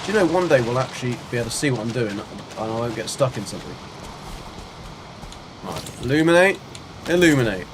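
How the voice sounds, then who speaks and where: A man's voice: mid-range voice, expressive, fairly quick, long pauses, noisy background. A man chatting casually while livestreaming a game, rambling and answering his chat as he plays. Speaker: game streamer. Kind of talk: casual live gameplay chat.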